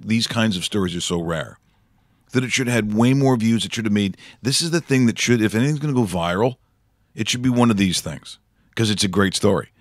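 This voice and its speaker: Picture a man hosting a morning show in a studio, chatting casually and restarting his sentences as he gets excited. His voice sits on the low side, close and dry. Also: no echo. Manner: rambling with many restarts, enthusiastic. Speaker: show host.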